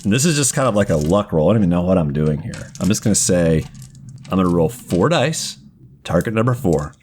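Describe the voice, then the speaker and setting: A man's voice: low-pitched, sing-song, a little fast, darkish tone, a little hiss or hum. A man narrating a tabletop game as game master, graphic, laughing and full of swearing.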